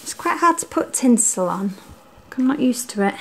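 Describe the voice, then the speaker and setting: A young lifestyle vlogger with a high, gravelly voice chats to camera about her home and Christmas tree, her intonation lively and her pace moderate. The upbeat talk is full of ums. It's captured on a camera mic in her living room, which sounds roomy.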